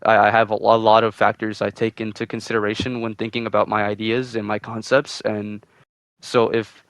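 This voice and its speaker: A man's voice: lowish voice, level tone, moderate pace, a bit bright, smooth, no echo. A man answering as a candidate in an online mayoral debate, rambling and hesitant, and apologizing for talking too long. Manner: rambling, hesitant, self-deprecating.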